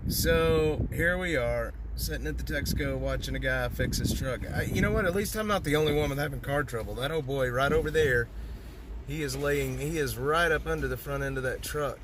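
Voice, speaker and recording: A man's voice: mid-range voice, a little fast, noisy background. A man chatting casually on a livestream from his parked car at a gas station, rambling and joking with viewers.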